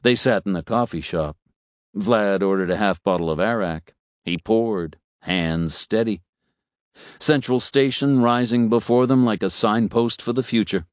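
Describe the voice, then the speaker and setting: A man reading a story as an audiobook narrator, measured, shifting voice for the characters. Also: fairly low pitch, dry recording, studio quality. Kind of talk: scripted narration.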